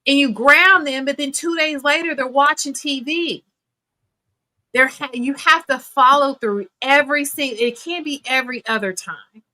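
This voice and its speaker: A woman's voice: sits high, moderate pace, sharp tone. A woman in her fifties, a therapist speaking bluntly and emphatically in a podcast discussion, hammering her points home. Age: 50s.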